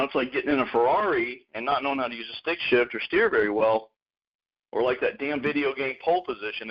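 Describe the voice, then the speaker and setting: A man hosting a radio show, talking in a rambling, casual way and calling people dude and man. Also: mid-range voice. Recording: muffled lo-fi radio audio.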